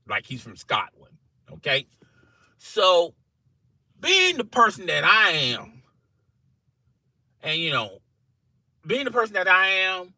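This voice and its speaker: Man telling a story, animated rising and falling voice, very bright tone, dry close sound. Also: fairly high pitch, dry recording, rough recording. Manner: animated, repeats "you know" and "okay?". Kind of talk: casual story told to camera.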